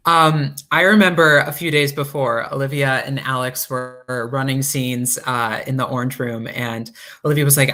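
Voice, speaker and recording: A man's voice: medium pitch, brisk, few pauses. A man, a cast member, earnestly recalling rehearsals in a casual group chat. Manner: earnest, quotes others in animated voices.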